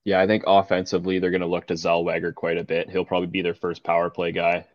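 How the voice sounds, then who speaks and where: A man's voice: sits low, monotone, fast talker, no room sound. A young man in a casual sports chat, blunt and offhand. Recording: dull lo-fi mic.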